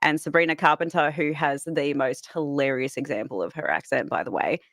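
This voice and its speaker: A woman who coaches voices, chatting casually on a podcast with quick wit and frequent laughs. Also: low-pitched, fairly bright tone, dry recording, studio quality. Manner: quick-witted, laughs a lot. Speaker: voice coach and podcast cast member. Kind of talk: casual chat.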